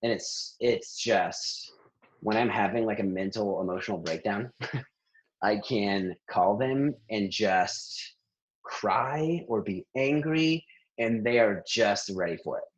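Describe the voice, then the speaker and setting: A man working as a therapist, talking in a lively conversational interview and laughing often between thoughts. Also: lowish voice, takes it slowly, husky, low-quality recording.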